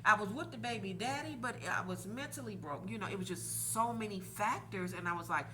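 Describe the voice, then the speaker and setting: A woman's voice: mid-range voice, brisk, pushed and bright, a little hiss or hum. A woman in her forties, a podcast host telling a personal story candidly and animatedly, laughing now and then.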